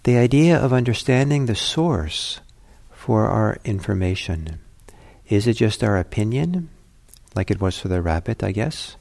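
Deep-voiced man telling a Buddhist parable. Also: lively intonation, vocal fry, darkish tone. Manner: unhurried, conversational storytelling. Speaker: Buddhist teacher.

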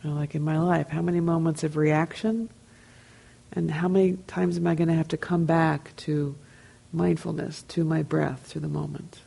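A woman with a New Jersey accent, a meditation teacher telling stories and answering questions in a relaxed, conversational way. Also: deep voice, normal speed, creaky, husky, rough recording. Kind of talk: dharma talk question and answer.

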